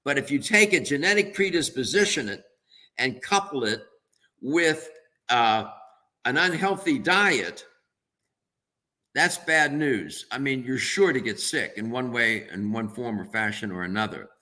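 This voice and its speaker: Brief: man, nutritionist guest, bright forceful tone, earnest and emphatic on radio. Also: medium pitch, lively intonation, unhurried. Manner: earnest, emphatic, thinks aloud. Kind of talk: radio interview answer.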